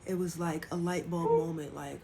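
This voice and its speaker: On a livestream, a woman with a low, creaky, mellow voice keeps a steady tone at normal speed, with a little hiss or hum behind her. She talks openly and casually about what she has been through, acting out quoted conversations in other voices.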